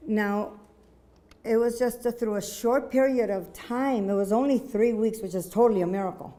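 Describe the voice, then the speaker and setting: A woman giving a personal testimony at a church conference, telling her story earnestly with many halting restarts. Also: a little high, dark tone.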